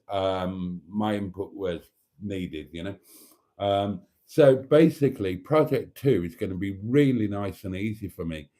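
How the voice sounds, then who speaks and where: A man's voice: fairly low pitch, mellow. A man hosting a casual livestream, chatting affectionately and reading out viewer comments. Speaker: livestream host.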